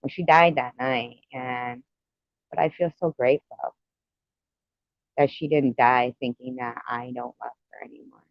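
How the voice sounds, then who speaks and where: A man's voice: mid-range voice, steady tone, measured pace, no echo, muffled recording. A man telling a personal story to viewers in a casual, rambling, heartfelt way, with many "you know" fillers.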